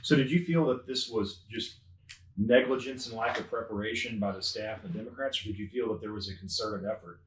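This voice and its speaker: A man interviewing a witness with brisk, prompting questions. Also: lowish voice. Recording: distant mic in echoey room with faint noise.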